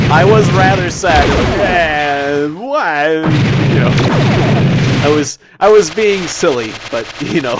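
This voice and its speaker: A man hosting a gameplay recap, chatting casually with a self-deprecating, giggly manner and frequent restarts. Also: on the high side. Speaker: gaming video host. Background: loud game music.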